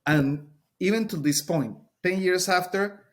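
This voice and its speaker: A man's voice: high voice, unhurried. Colombian man speaking English earnestly. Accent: Colombian Spanish. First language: Spanish. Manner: earnest, emphatic, searching for words. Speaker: Spanish teacher and guest. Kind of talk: podcast interview.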